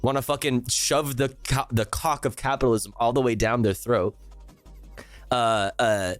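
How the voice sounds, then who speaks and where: A man's voice: medium pitch, fairly even intonation, a little slow, no room sound, soft background music. A male streamer ranting sarcastically and with heavy profanity while reacting live to a news clip.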